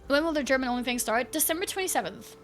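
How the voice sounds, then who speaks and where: A woman's voice: sits high, lively intonation, racing, fairly bright tone, faint music behind. A woman chatting casually on a live game stream, reading chat aloud and laughing often.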